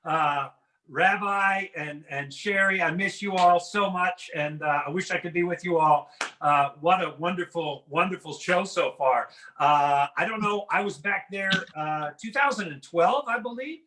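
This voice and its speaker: A middle-aged man performs a stand-up set from his home, talking to the audience over a video call. His voice sits high and sounds bright and forward. He tells his jokes in a loose, chatty, self-deprecating way. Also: a little slow, a little hiss or hum. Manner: conversational, self-deprecating joke delivery. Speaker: stand-up comedian. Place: home in a house.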